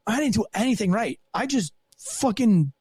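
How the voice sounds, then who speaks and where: A man telling a profane, animated story from his rookie years as a police officer, as a podcast guest. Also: high-pitched, normal speed, husky, no echo, clean studio sound. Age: young adult. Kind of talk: casual storytelling interview.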